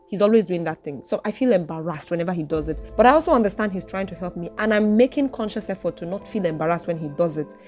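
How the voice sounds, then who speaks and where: A woman hosting her own podcast, talking straight to listeners in an outspoken, expressive, preaching way. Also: fairly low pitch. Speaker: podcast host. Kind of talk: reflective solo podcast monologue.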